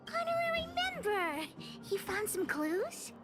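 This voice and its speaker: A woman voicing a bratty, boastful little girl in a game, sassy and excitable. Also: very high voice, a little slow, faint music behind, full character voice. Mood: eager. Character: bratty little girl, boastful self-styled gang leader. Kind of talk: game voice acting.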